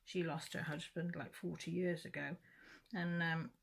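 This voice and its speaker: A woman's voice: on the low side, level tone, measured pace, vocal fry. A woman, chatting casually to her viewers and telling a rambling family story in plain, down-to-earth words. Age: 50s. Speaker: crafting channel host. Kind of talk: casual chat while crafting.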